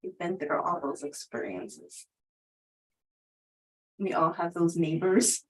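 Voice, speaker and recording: A woman's voice: fairly low pitch, slow, poor audio. A middle-aged woman chats through a personal story on a livestream, in an easy, conversational way. She laughs often between sentences and speaks as a spiritual teacher sharing with her viewers.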